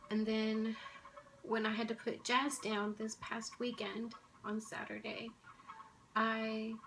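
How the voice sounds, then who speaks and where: A woman vlogger, tearful and emotional, speaking softly and haltingly in casual chat at home. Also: fairly high pitch, slight background noise, poor audio. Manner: soft-spoken, halting, with restarts and sighs.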